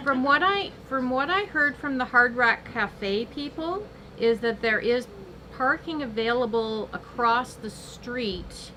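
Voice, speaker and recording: A woman chatting casually on a livestream and telling an animated joke, acting out the characters as she goes. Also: slow, a little hiss or hum, low-quality recording. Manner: animated storyteller, acts out the characters with big pitch jumps.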